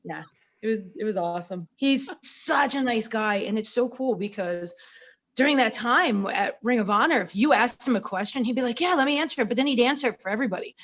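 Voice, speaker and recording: A woman, a pro wrestler, telling lively stories in a casual podcast interview and acting out the quotes. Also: medium pitch. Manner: lively storyteller, acts out quotes.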